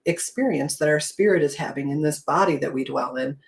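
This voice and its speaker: A woman's voice: low voice, fairly quick, creaky. A woman hosting a casual faith talk, telling her story in an earnest, reflective way. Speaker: host.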